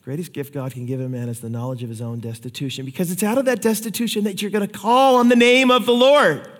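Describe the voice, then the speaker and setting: A man preaching a sermon, telling stories with lively acted-out quotes. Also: high voice, fast, in a large hall. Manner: animated storytelling, acts out quotes. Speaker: pastor.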